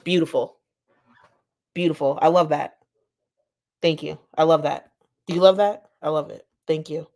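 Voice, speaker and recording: A woman's voice: deep voice, steady tone, normal speed, long pauses, a little mellow. A woman hosting a live-stream reaction, talking in a chatty, emphatic way and laughing often.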